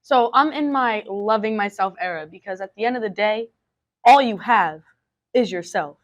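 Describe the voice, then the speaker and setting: A teenage girl with an everyday mid-pitched voice, chatting casually with her teacher. She sprinkles "like" through her sentences and giggles often. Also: normal speed. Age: teens. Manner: giggly, uses filler 'like' a lot. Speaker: student interviewer. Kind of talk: casual chat over wings.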